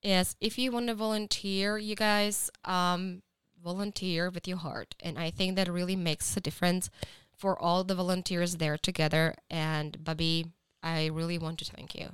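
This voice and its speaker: A woman's voice: lowish voice, little pitch movement, normal speed, smooth, no room sound. A woman on a podcast speaking earnestly in praise of someone, then teasing with laughter. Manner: earnest and warm, rising into loud laughing teasing. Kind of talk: casual heartfelt chat.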